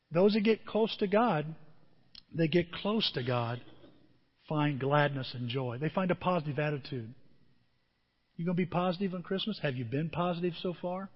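Man, pastor: high and a bit husky, chatty sermon with rhetorical questions, long reverb on the recording. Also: highs cut off. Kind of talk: conversational sermon.

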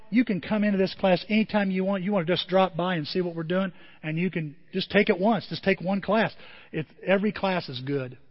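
A middle-aged pastor with a high voice delivers an animated sermon, drifting into stories and asides to his listeners. The recording is dull and muffled, and his voice rings out in a long reverb. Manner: animated storytelling with asides to the congregation.

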